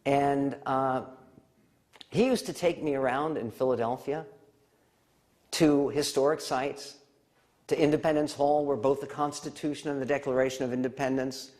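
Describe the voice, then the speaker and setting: A man giving a storytelling speech as an author, pausing with fillers and then jumping up in pitch when he gets excited. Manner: animated, pitch leaps high when excited; warm family anecdote, with pauses and fillers. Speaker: public speaker and author.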